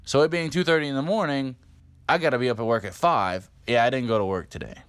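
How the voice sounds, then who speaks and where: A man's voice: mid-range voice, fast talker, clean tone, no echo. A man in his fifties telling a story for his vlog in a casual, rambling way, with frequent swearing and fillers. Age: 50s. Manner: rambling, profane, lots of fillers. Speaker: vlogger.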